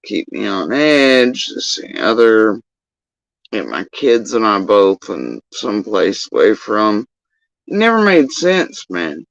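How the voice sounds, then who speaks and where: On a livestream, a man tells a long, agitated, profane story about personal events, repeating himself as he rambles. His lowish voice is animated, slow, and creaky, with no echo, over dull lo-fi stream audio.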